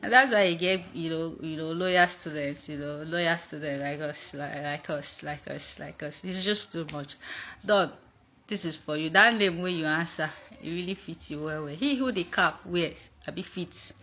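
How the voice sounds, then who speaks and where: A woman with a low voice and a bright, forceful edge introduces a video in casual chat. She is playful and repeats words for emphasis. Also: normal speed, slight background noise.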